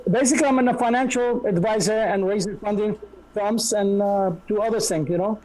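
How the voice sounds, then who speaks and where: A man with a Sicilian Italian accent talks quickly and bluntly as a guest, swearing for emphasis. His voice comes over a video call, with loud crowd noise behind him. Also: high voice, low-quality recording. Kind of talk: casual political chat.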